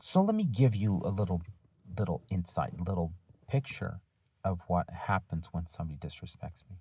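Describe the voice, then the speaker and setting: A male teacher giving a deliberate, firm talk to his students, using rhetorical questions and pauses. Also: deep voice, expressive, dark tone, husky, dry recording. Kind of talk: lecture-style talk to students.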